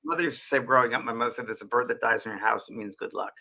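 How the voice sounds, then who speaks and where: A man's voice: medium pitch, rapid-fire, gravelly, pushed and bright. A man co-hosting a casual spiritual chat show, musing aloud and often repeating and restarting his words. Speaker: co-host.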